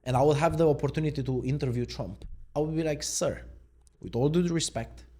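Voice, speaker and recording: A man's voice: fairly high pitch, fairly quick, warm tone. A man from Romania, a mindset coach giving an unscripted reaction, wry and sarcastic.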